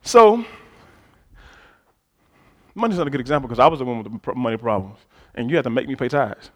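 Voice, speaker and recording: A man preaching a sermon to a congregation, moving between quiet conversational asides and loud shouted stretches, calling for the crowd's responses. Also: medium pitch, lively intonation, a little fast. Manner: talks directly to the congregation with call-and-response prompts. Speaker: pastor.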